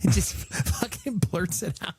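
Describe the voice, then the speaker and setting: A man's voice: sits high, unhurried, darkish tone, a little hiss or hum. A man co-hosting a podcast who tells a story in a casual, profane way, laughing as he goes. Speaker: podcast co-host.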